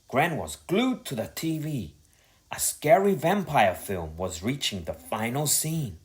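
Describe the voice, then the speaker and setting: A man reading a children's story aloud, dramatic and expressive. His pitch moves a lot as he tells it. He takes his time over every line. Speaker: narrator.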